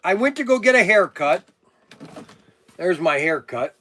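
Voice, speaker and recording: A man with a notably high speaking voice talks straight to camera in a loose, meandering monologue. He drifts from one complaint to the next and grumbles as he goes, the way a hobby channel host chats with his regulars. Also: expressive, unhurried, fairly bright tone. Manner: meandering storyteller, grumbling asides. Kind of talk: casual rambling monologue to camera.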